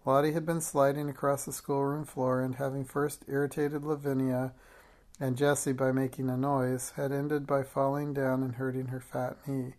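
An audiobook reader narrates a classic children's story in a flat, steady voice. The pitch barely moves, and the reading is measured and plain. Small slips now and then show it is read aloud live.

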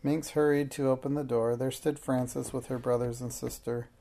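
A narrator reading a children's chapter book aloud in a gentle, even manner. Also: medium pitch, moderate pace. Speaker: storybook narrator.

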